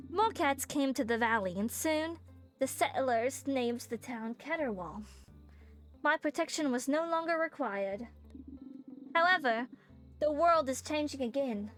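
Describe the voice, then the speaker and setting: A woman putting on a solemn ancient shrine spirit. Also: high voice. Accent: put-on semi-Australian, semi-British. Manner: slow, solemn storytelling reading.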